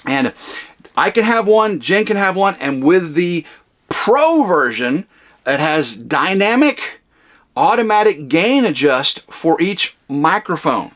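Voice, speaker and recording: A man hosting a vlog, rambling casually at home in a camper cabin, loud and flamboyant with lots of fillers. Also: sits high, sing-song, slow. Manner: loud, big flamboyant talker. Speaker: vlog host.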